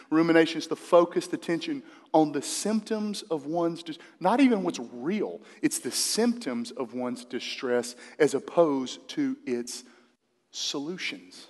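High-voiced pastor preaching in a hall. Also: male voice, darkish tone. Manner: conversational preaching, asks the congregation questions. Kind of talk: sermon. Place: church sanctuary. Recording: long hall reverb.

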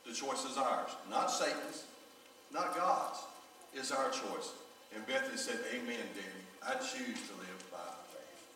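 Preacher man, bright voice, big echoey church hall from a distance. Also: unhurried, a little hiss or hum. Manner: emotional storytelling, voice dropping low and soft. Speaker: pastor. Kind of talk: sermon. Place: large church sanctuary.

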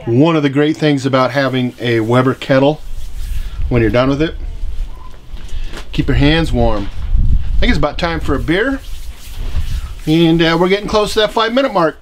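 A man chats cheerfully to his viewers as he works an outdoor kettle grill on a cold, windy day. His voice sits a little on the high side, and loud sizzling from the grill runs under everything he says. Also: normal speed, long pauses. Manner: chatty, upbeat, talks straight to viewers. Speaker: grilling channel host. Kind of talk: casual cooking vlog. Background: food sizzling on the grill.

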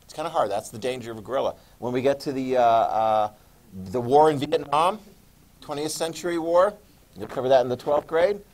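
A man's voice: mid-range voice, a little fast, darkish tone. A man gives a history lecture to his class in a loose, conversational way. He stops often to ask his students whether they follow, then picks the thread back up. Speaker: history teacher.

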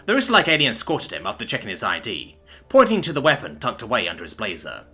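A man narrating a sci-fi school story in an expressive reading voice. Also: fairly low pitch, fast talker, husky, faint music behind. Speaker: narrator and author.

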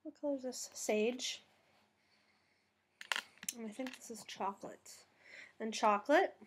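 A woman's voice: a little high, a little slow, noisy background. A tired woman hosting a casual knitting vlog from home, chatty and rambling, going off on tangents and laughing at her own mistakes. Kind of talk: casual chat. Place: at home with a cat on her lap.

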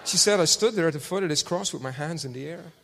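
A man preaching a testimony sermon, swinging between loud shouted proclamations and hushed storytelling. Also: on the high side, quick pace, slight background noise. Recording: long hall reverb.

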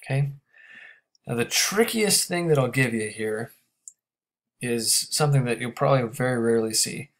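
Speaking in a mid-range voice, a male teacher walks through grammar one step at a time, pausing for brief questions to check understanding.

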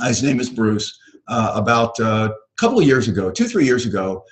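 A man's voice: lowish voice, sing-song, moderate pace, low-quality recording. Middle-aged male coach, upbeat rambling webinar host, filler-heavy delivery. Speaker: real estate coach hosting a webinar. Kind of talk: casual webinar talk. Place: ranch.

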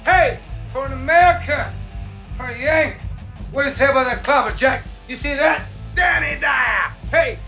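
A man with a put-on British accent, boasting, swearing and shouting loud performative banter. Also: very high-pitched, normal speed, faint music behind. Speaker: self-styled hooligan, interview subject.

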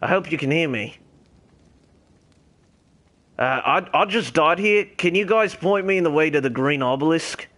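A man's voice: on the high side, animated, normal speed, pauses often. A man putting on a swearing Aussie larrikin gamer. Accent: put-on Australian. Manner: rambling, swears a lot, calls out loudly to other players. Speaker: streamer playing as a character. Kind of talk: in-character game role-play stream.

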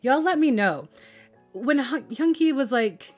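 A woman's voice: sits high, lively intonation, measured pace, faint music behind. A young woman gushing in casual chat about a show she loves, swearing freely and filling her talk with "like". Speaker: vlogger reviewing a drama.

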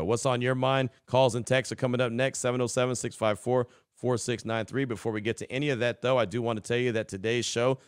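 A man's voice: fairly low pitch, clean tone, dry recording, clean studio sound. A man hosting a sports podcast, talking casually and reading ads himself, with frequent "right?" and restarts. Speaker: podcast and radio host. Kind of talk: casual sports talk with host-read ads.

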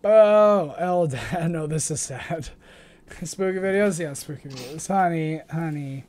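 A woman's voice: sits low, takes it slowly, warm tone. A nineteen-year-old woman streaming, chatting casually and affectionately with her audience and partner. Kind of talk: casual livestream chat.

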